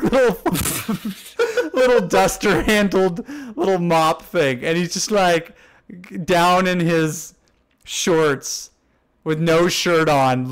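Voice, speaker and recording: A young man co-hosting a casual chat, telling a story in a rambling, laughing way full of restarts. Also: on the high side. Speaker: podcast co-host.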